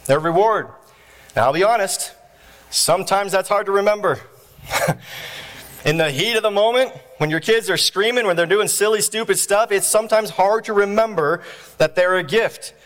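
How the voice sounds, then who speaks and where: Brief: male pastor, lively and joking, fairly high voice, quick to laugh. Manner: animated, jokey, laughs often. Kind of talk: sermon.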